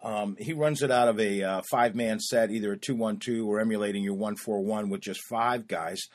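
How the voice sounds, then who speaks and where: A man's voice: fairly low pitch, steady tone, fairly quick. A man hosting a podcast, introducing a coaching clip in a casual, rambling way with many "uh"s and "um"s. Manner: rambling, filler-heavy with frequent "uh" and "um". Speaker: podcast host.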